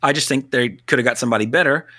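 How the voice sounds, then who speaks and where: A man co-hosting a casual film talk, blunt and animated, swearing now and then. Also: mid-range voice, racing. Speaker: podcast co-host.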